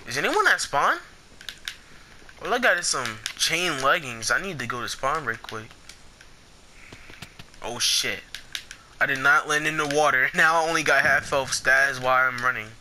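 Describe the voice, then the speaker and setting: Young male gamer, bright edgy voice, quick to curse, faint keyboard clatter behind. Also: mid-range voice, a little hiss or hum. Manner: excitable, swears a lot, trash-talks opponents. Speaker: gameplay commentator. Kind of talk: casual gameplay commentary.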